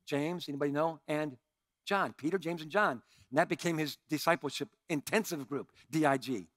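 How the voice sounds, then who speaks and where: Bright-voiced high-pitched male pastor preaching. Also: no room sound, clean studio sound. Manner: emphatic, conversational, asks the congregation questions. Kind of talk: sermon.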